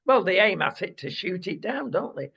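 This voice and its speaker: A man's voice: sits high, very animated, moderate pace, creaky, fairly bright tone, slightly rough, lo-fi sound. A man hosting a casual talk show, opinionated and wry.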